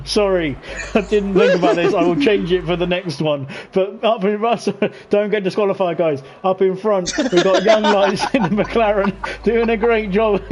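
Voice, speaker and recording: A man's voice: sits high, fairly even intonation, moderate pace, few pauses, darkish tone, a little hiss or hum. A man hosting an online racing league, chatting casually and laughing often as he calls the race. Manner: laughs often while talking, loose and chatty. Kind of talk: casual live race commentary.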